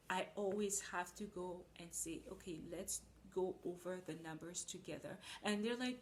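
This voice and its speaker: A woman's voice: mid-range voice, steady tone, normal speed. A woman preaching a sermon, earnest and emphatic, acting out little asides.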